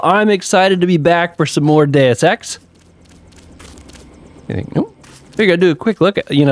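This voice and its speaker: Upbeat gamer host, male, lively pitch swings, faint music under him, chatty. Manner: upbeat, chatty, laughs often. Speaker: gaming channel host. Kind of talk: let's play commentary.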